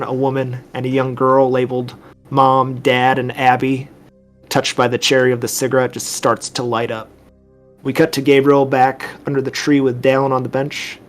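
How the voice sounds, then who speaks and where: A man narrating a tabletop horror game as game master, describing scenes cinematically. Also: mid-range voice.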